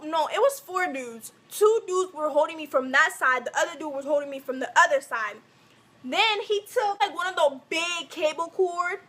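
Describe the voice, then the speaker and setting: Brief: young woman from Africa, high bright voice, animated storytime vlog delivery. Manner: animated, acts out every quote. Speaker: vlogger.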